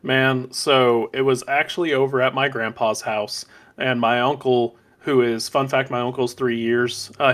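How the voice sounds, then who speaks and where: A man's voice: mid-range voice, a bit bright. A man co-hosting a podcast, telling a story in a casual rambling way with asides and fillers. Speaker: podcast co-host. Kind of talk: casual chat.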